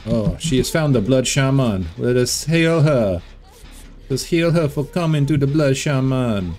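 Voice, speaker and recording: A man's voice: mid-range voice, lively intonation, unhurried, a little mellow, faint music behind, voice pushed up, natural voice. A man voicing a boastful, protective male blood shaman healer in a mock Jamaican accent, speaking of himself in the third person. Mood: grand.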